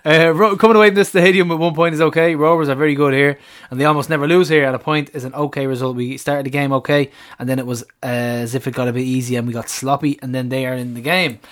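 A man voicing a Swedish male football coach, reading a post-match verdict in a stilted, halting mock foreign lilt. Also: medium pitch, steady tone, close to an everyday voice. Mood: stiff.

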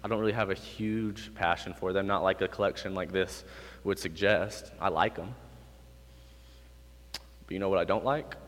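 A man in his twenties preaching a sermon to a live room, animated, moving between quiet, low remarks and loud, high bursts. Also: moderate pace, long pauses. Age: 20s. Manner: animated, swings from quiet to loud and high when acting out God's lines. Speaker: youth pastor. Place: hall with an audience. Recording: reverberant hall.

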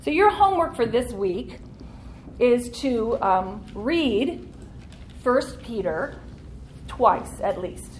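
A woman's voice: on the high side, sing-song, takes it slowly, long pauses, slight background noise. A woman teaching a church Bible study class in an earnest, conversational way, leaning into key points.

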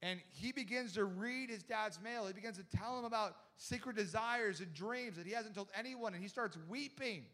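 A young man preaching a sermon with a high voice. He tells a story with animated energy, quoting people in quick bursts and repeating words as he goes. His delivery jumps between loud, excited moments and hushed asides. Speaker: pastor.

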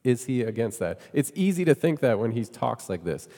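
A man's voice: medium pitch, big pitch swings, normal speed, mellow, big-room sound. A man preaching a sermon in a conversational way, often asking his listeners questions. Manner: conversational, asks the congregation questions. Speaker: pastor.

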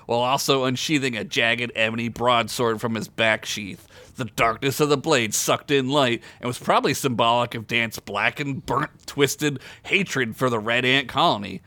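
A man's voice: medium pitch, bright, forceful tone, dry recording. A man hosting a comedy podcast, reading his own silly adventure story aloud with jokey asides and frequent laughter. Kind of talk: comic story reading with banter.

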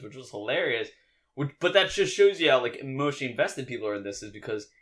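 A man co-hosting a podcast in easy, casual chat. His voice rings bright and forward, and he rambles along in an animated, joking manner. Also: medium pitch. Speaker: podcast co-host.

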